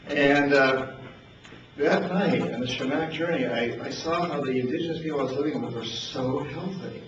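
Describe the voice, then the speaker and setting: An older man from New Hampshire spins personal anecdotes, chuckling and stumbling over repeated words as he talks. His voice sits at an ordinary pitch but comes from well off the mic. It is caught in a very echoey space with a dull, lo-fi sound and a clear hiss of noise underneath. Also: normal speed, a bit bright, recorded from a distance. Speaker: speaker telling stories. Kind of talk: storytelling talk.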